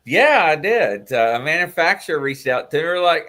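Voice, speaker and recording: A man with a New York accent chats casually on a livestream. His voice swings up and down a lot as he tells his stories, and it sits a little high for a man. He acts out the other people in his anecdotes. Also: moderate pace, hardly any pauses. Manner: animated storytelling, mimics voices in quotes. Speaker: livestream co-host. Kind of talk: casual chat.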